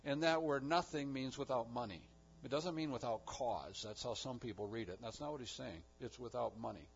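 A man preaching a sermon with emphatic delivery, rising to loud declarations and dropping to hushed low lines. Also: normal speed, creaky, highs cut off, slight background noise. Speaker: pastor.

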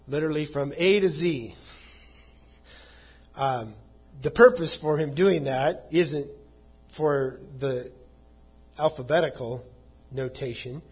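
A man's voice: mid-range voice, steady tone, takes it slowly, long pauses, husky, lo-fi sound. A man preaching a sermon, explaining scripture conversationally and acting out quoted lines with a chuckle. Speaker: pastor.

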